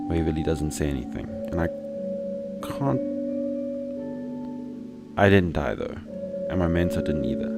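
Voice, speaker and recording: A man's voice: low-pitched, creaky. A man reading a visual novel aloud as a gameplay commentator, adding wry, joking asides.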